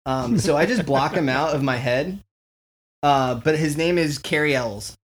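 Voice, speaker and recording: A man's voice: on the high side, unhurried. A man co-hosting a podcast, loose and chatty, often laughing between remarks. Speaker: podcast co-host. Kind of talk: casual chat.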